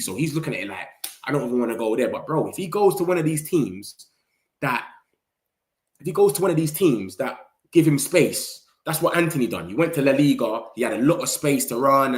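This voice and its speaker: A man's voice: medium pitch, roomy sound. A young man, chatting loosely and animatedly about football transfers as a channel host, full of slang and banter. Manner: animated slang-heavy banter, laughs often. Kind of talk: casual live transfer-news chat.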